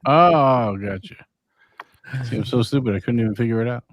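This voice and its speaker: A man dropping into a casual group chat, playful and quick to mock himself. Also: medium pitch, no echo. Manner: playful, self-mocking.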